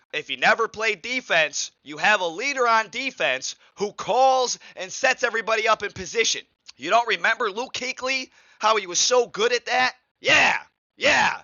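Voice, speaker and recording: A man's voice: high-pitched, bright, forceful tone, dry recording, dull audio. A man hosting a sports podcast, ranting in a heated, profane, repetitive way. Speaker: podcast host. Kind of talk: angry sports podcast rant.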